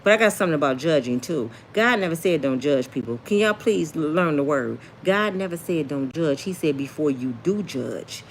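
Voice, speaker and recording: A woman's voice: sits low, animated, moderate pace, few pauses, a little hiss or hum. Sassy chatty woman hosting a livestream. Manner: chatty, sassy, reads viewer comments aloud. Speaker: celebrity gossip livestream host. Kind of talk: casual livestream chat.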